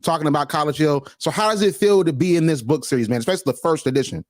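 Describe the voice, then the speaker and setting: A man in his twenties hosting an interview, chatting in a relaxed, reflective way. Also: a little high, rapid-fire, no echo, studio quality. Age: 20s. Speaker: interview host. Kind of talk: casual interview chat.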